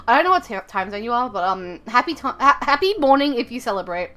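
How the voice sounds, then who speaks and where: A woman's voice: fairly high pitch, big pitch swings, quick pace, sharp tone. A woman from Australia, chatting casually on a live stream, rambling with lots of fillers and frequent swearing.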